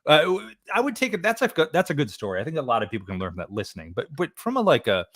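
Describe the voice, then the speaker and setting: A man hosting a podcast, chatting casually with enthusiastic, quick back-and-forth. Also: fairly high pitch, huge pitch swings, no room sound, clean studio sound. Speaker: podcast host. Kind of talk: casual interview chat.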